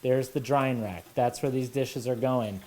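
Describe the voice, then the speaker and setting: A woman hosting a home cooking show, talking in a rambling, wry and self-deprecating way in her kitchen, a little nervous and halting. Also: extremely low pitch, warm tone, a little hiss or hum. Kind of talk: rambling casual monologue while cooking. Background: running water and sizzling pan.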